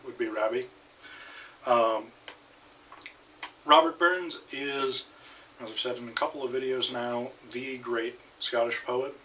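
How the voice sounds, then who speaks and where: A man's voice: mid-range voice, sharp tone, distant mic, slight background noise, rough recording. An American man giving a casual recorded literature lecture, hesitant with many ums and restarts. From United States. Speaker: literature instructor.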